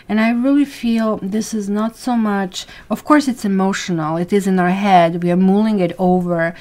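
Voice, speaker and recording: A woman's voice: medium pitch, steady tone, normal speed, a little mellow. Chatty woman tarot reader. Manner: chatty and rambling, thanks viewers by name. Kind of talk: live weekly tarot reading.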